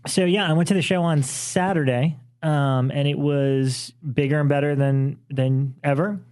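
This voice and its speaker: A man's voice: on the high side, fairly even intonation, normal speed, a little mellow. A man co-hosting a podcast, chatting enthusiastically with plenty of "uh" and "you know" between thoughts. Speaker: podcast co-host. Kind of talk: casual chat.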